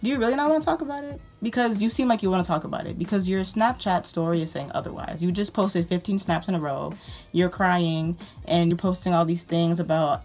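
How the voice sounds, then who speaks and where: A woman's voice: fairly low pitch, brisk, darkish tone, faint music behind. A woman vlogger ranting about her pet peeves in a sarcastic, exasperated way. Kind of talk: ranting casual monologue.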